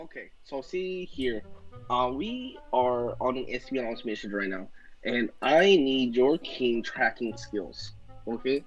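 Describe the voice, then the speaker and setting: A man's voice: mid-range voice, dull audio. A man playing a tabletop game, stammering and full of fillers. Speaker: player.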